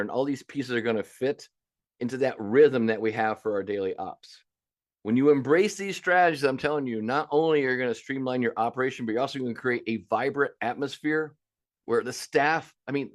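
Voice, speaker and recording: A man coaching restaurant owners in an energetic, emphatic presentation. He talks casually and bluntly, with the odd swear, and acts out his clients' complaints. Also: medium pitch.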